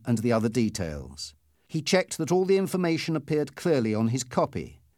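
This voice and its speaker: A man's voice: dry recording, clean studio sound. A man narrating a story aloud in the first person. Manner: lively storytelling with wide pitch swings. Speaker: audiobook narrator.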